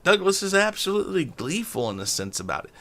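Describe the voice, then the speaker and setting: Gravelly, bright-voiced man recapping a film. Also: high voice, fast. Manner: animated retelling of scenes, acting out dialogue. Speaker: movie review co-host. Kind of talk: casual film discussion.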